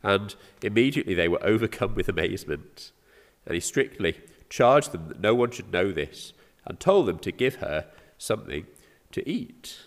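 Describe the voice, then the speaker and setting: A man's voice: fairly low pitch, very animated, moderate pace. A man with an English accent preaching a sermon, earnest and often asking his listeners rhetorical questions. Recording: reverberant hall.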